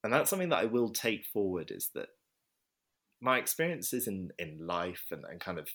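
A man's voice: low voice, very animated, normal speed, fairly bright tone. A man, a vet, earnestly recounting a hard day at work in a casual interview. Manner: earnest, reflective, acts out quoted voices. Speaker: vet telling a story.

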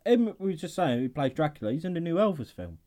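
A man's voice: on the high side, very animated, fast talker, warm tone. A man co-hosting a podcast in casual, sweary chat, laughing often. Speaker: podcast co-host.

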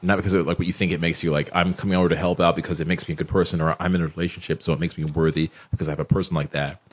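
Fast-talking man with a very low voice. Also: flat delivery, slightly rough. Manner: reflective, rambling with many fillers. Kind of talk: casual podcast conversation.

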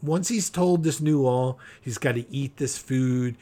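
A man's voice: medium pitch, measured pace, dark tone. Emphatic man preaching a practical sermon. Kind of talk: podcast sermon.

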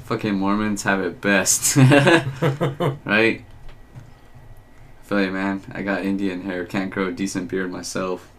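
Man, podcast host, from Texas, low voice, profane, laughs a lot. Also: monotone, measured pace, pauses often, fairly bright tone, slight background noise. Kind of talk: casual crude banter.

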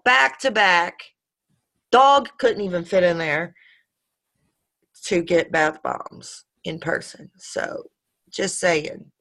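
A woman's voice: lowish voice, pushed and bright. A woman hosting a casual online chat, rambling and profane and laughing often. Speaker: host. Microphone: online call.

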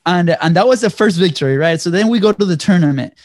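A man from Venezuela telling a personal story in conversation, animated and lively, often checking in with "right?" and acting out what people said. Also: high-pitched, quick pace, no echo, studio quality. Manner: animated storyteller, acts out quotes, frequent "right?". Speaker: guest.

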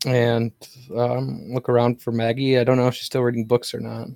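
A man playing a tabletop game, speaking calmly. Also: mid-range voice, moderate pace, vocal fry, dry recording. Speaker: player. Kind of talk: casual tabletop play.

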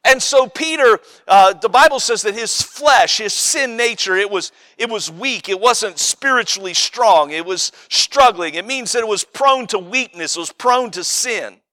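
High-voiced, forceful male preacher. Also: expressive, a little slow, few pauses. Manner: conversational, emphatic preaching with many repetitions and restarts. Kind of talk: sermon.

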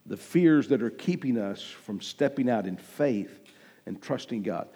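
A man's voice: medium pitch, expressive, unhurried, dark tone, breathy edge, long reverb tail. A man pastor preaching a sermon emphatically, swelling and dropping his volume and acting out the lines he quotes.

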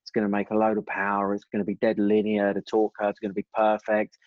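A man telling stories in a relaxed interview, circling back through his points. His voice sits low. The recording is dull and very dry. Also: quick pace, dry recording. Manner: rambling, many restarts and "you know"s. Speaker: guest, former motorcycle racer. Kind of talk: casual storytelling interview.

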